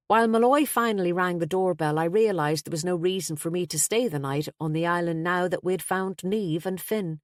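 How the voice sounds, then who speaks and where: Low-voiced woman narrating a mystery. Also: a little fast, hardly any pauses, no echo, studio quality. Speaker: audiobook narrator. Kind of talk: first-person mystery narration.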